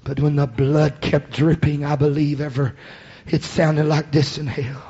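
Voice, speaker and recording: This preacher's voice is fairly high and dark, moving little in pitch at a measured pace. He chants his sermon rhythmically with breathy "uh"s between phrases, dramatizing the story and voicing the people he quotes, on a muffled recording with faint hiss.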